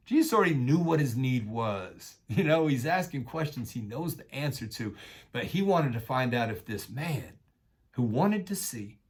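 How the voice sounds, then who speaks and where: A man preaching a sermon in a casual, conversational way, full of slang, swinging between loud urging and quiet intensity. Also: mid-range voice. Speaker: pastor.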